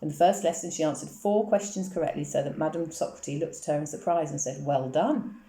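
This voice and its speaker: Low-voiced woman reading a novel. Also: fast, dark tone. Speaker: reader. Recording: echoey room.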